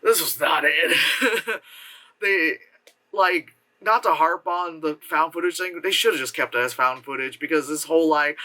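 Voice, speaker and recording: A man reviewing a movie in a casual rant, animated and profane, often slipping into mocking impressions. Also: fairly high pitch, normal speed.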